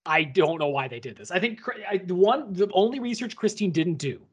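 A man co-hosting a casual podcast about a book, animated and swearing as he retells scenes. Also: high-pitched, fairly quick, husky. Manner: animated, swears, acts out quotes. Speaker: podcast co-host.

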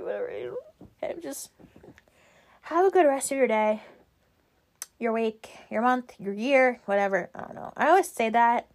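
A woman's voice: a little high, a little mellow. A young woman hosting a casual solo podcast, rambling with lots of "like" and "um" fillers. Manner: rambling, filler-heavy, frequent "like" and "um". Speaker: podcast host.

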